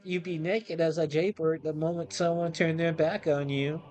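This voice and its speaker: A man's voice: a little high, little pitch movement, moderate pace, a little mellow, faint music behind, pitched above the performer's own voice, lightly acted. A man voicing a chatty old male servant in a game, reading his lines in a folksy, rambling way. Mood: teasing.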